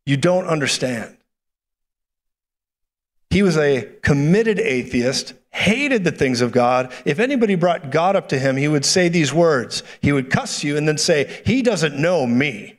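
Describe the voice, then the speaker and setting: Male preacher, sermon, animated storytelling, slightly high voice. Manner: animated storytelling, quick asides and laughs; prophetic declarations, softer and slower.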